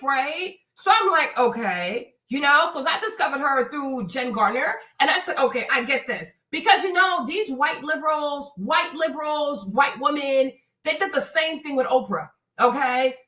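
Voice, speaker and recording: A woman's voice: high voice, bright, forceful tone. A woman hosting an opinionated live-stream commentary, blunt and profane, who keeps checking in with her audience with "right?" and "okay?". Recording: roomy, distant mic.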